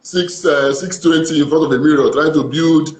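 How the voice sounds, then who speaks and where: A man's voice: a little high, fairly even intonation, normal speed. A man hosting an interview, summing up his guest's story for the audience. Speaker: show host. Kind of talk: casual interview talk. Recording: roomy echoey recording.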